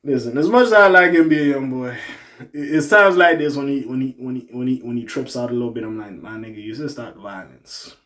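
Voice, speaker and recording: A man hosting a casual hip-hop news commentary, animated, swinging between loud outbursts and low muttered asides. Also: fast talker. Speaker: commentary channel host.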